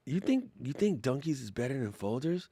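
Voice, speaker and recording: Gravelly, excitable slangy man. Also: medium pitch, fairly quick, dry recording. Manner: excitable, slangy, laughs often. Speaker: livestream host. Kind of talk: casual live Q&A chat.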